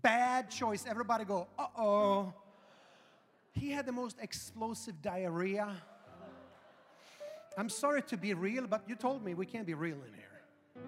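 Pastor guy telling a funny story, high voice, gets loud and animated, echoey church hall. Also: moderate pace. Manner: animated, humorous, building to loud emphasis. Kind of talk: storytelling sermon. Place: large church auditorium. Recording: reverberant hall with faint music.

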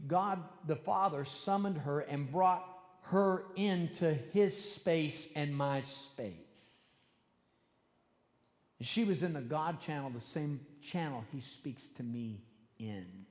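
A man with a somewhat high voice delivers a sermon in a conversational, earnest way, now and then speeding up for animated asides. His voice carries a long reverb from a large hall where he speaks before a congregation. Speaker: preacher.

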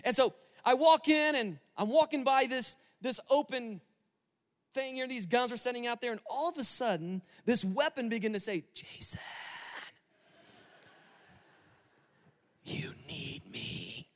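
A male pastor preaching a sermon, telling a story as a lively storyteller with joking asides to the congregation. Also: extremely high pitch, normal speed. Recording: long reverb of a large hall.

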